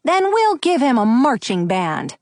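A confident teenage girl full of big ideas , voiced by a woman reading a storybook. She talks briskly and eagerly, her pitch swinging widely, in a dry, close sound. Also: big pitch swings, a little mellow, no room sound. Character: confident teenage girl club leader, bold.

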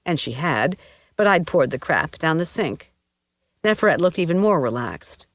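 A woman's voice: deep voice, very animated, normal speed, dry recording. Wry first-person woman narrator. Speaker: audiobook narrator.

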